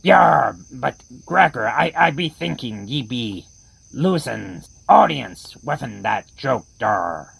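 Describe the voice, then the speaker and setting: A growling, boastful pirate, put on by a woman in a comic horror radio play. He growls low, gravelly and husky. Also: lively intonation, slow, full character voice. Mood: gruff.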